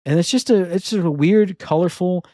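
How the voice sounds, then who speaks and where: A man's voice: high-pitched, brisk, warm tone, no echo, studio quality. A man co-hosting a podcast, chatting wryly and presenting new game releases in a casual way. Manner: chatty, wry, self-deprecating. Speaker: podcast co-host.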